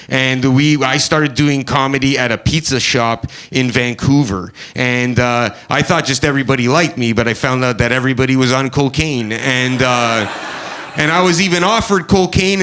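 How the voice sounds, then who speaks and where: A man's voice: medium pitch, a bit bright. Nervous, rambling stand-up comic man. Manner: halting, nervous delivery with many fillers. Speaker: stand-up comedian. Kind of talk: stand-up comedy. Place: comedy club stage with a live audience.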